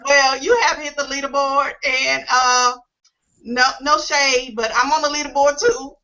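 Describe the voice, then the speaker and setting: Host, woman, high bright voice, effusive and encouraging, dull lo-fi web call sound. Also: steady tone, moderate pace. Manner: upbeat, emotional, encouraging. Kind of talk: casual online team call. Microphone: video call.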